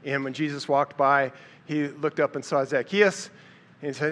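A man's voice: on the high side, flat delivery, normal speed, fairly bright tone. A man giving a casual, conversational sermon, telling Bible stories and acting out the lines of the people in them. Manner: conversational, storytelling, acts out quotes with a raised voice. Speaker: preacher.

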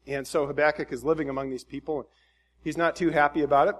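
A man preaching a conversational sermon in a relaxed, folksy way, with frequent fillers and restarts. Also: a little high, fast talker. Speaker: pastor.

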